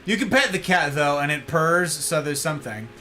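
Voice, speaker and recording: A playful man chatting through a live game stream. His voice sits high and swings widely in pitch. The tone is bright. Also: expressive, moderate pace, soft background music. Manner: playful, chatty, greets chat. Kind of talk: live gameplay commentary.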